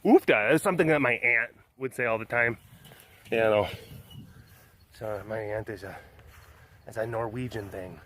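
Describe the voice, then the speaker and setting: A man's voice: fairly low pitch, moderate pace, long pauses, fairly bright tone, a little hiss or hum. A man vlogging outdoors in a casual, rambling way, joking with many fillers and restarts, filming on a phone. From Texas. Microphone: phone held in hand.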